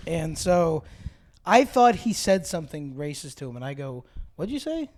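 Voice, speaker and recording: A man's voice: fairly high pitch, very animated, moderate pace. A man, a comedian guest on a podcast, telling a rambling story in casual chat and acting out what others said. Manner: riffing, acts out quotes of others.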